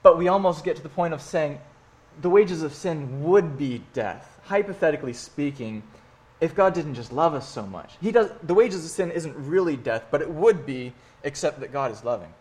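A man's voice: on the high side, lively intonation, brisk, darkish tone. A man in his thirties preaching a sermon in a conversational, earnest way with wry asides. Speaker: pastor.

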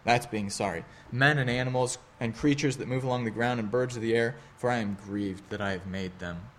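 A man in his thirties delivers a sermon in an earnest, conversational manner, slipping in wry asides. His voice sits at an ordinary middle pitch, and a faint noise floor runs under the recording. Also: a little fast. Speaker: pastor.

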